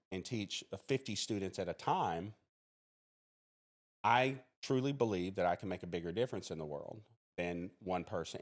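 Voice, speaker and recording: A man in his forties from Mississippi, a podcast guest who speaks earnestly and plainly, often restarting his sentences. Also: sits low. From Mississippi, USA. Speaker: podcast guest, criminology professor and police officer. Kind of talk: interview storytelling.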